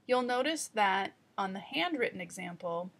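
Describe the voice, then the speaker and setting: A woman teaching trainees in an instructional voice-over, explaining deliberately and speaking straight to the viewer. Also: mid-range voice, expressive, vocal fry, fairly bright tone.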